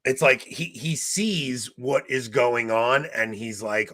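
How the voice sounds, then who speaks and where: A man co-hosting a political talk show, chatting casually and reacting quickly. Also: medium pitch, a bit bright.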